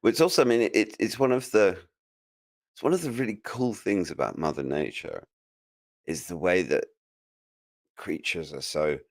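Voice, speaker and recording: A man's voice: deep voice, normal speed, pauses often, no echo, studio quality. A man as a podcast guest in casual chat, musing aloud with many restarts. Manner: musing, stammering restarts, laughs easily.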